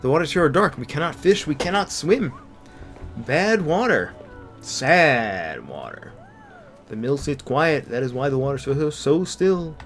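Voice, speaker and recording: A glum little swamp creature, voiced by a man reading game text. It speaks in short, simple, clipped sentences, pitched a little above an ordinary voice. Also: very animated, measured pace, a bit bright, soft background music.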